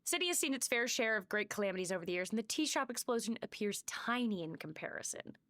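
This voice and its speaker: A woman's voice: a little high, animated, quick pace, a bit bright, dry recording. A woman doing a weary old halfling scholar. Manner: mumbling, tired and gloomy.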